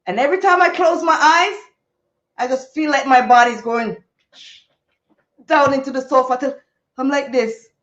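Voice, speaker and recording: A woman hosting a livestream, telling a story to her chat in an animated, expressive way with sound effects. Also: high voice, moderate pace, long pauses, highs cut off. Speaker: livestream host. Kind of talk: casual storytelling to a live chat.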